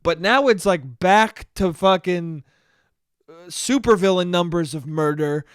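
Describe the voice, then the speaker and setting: A man hosting a solo comedy podcast, rambling along with plenty of swearing and jokes at his own expense. His voice is high and smooth, and the sound is dry and close-miked. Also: measured pace, no echo. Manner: rambling, profane, self-deprecating. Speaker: podcast host. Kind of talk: casual comedic monologue.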